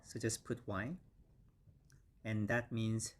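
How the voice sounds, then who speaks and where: A man teaching English vocabulary, saying each word slowly and repeating it several times. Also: on the low side, little pitch movement. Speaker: English instructor. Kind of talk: vocabulary lesson.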